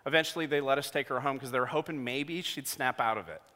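A man in his thirties preaching a sermon, telling a personal story with jokey asides, going from hushed to loud. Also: medium pitch, fast talker. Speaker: pastor. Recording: long hall reverb.

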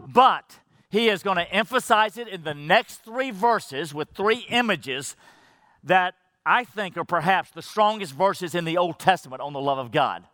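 A man preaching a sermon as pastor, swinging from fervent rising emphasis to hushed low drops and repeating phrases to drive points home. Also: no echo, studio quality.

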